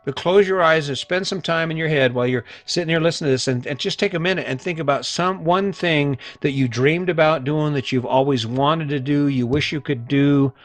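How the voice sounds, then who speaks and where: A man's voice: on the high side, fairly bright tone, no room sound. A middle-aged man hosting a solo motivational podcast, talking earnestly and emphatically and repeating points for emphasis. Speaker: podcast host.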